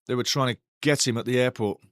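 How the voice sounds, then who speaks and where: A man's voice: mid-range voice, steady tone, fast talker, no room sound. A man hosting a live match watch-along, commenting on the play and talking passionately to his chat. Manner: passionate, talks straight to chat; ranting, indignant.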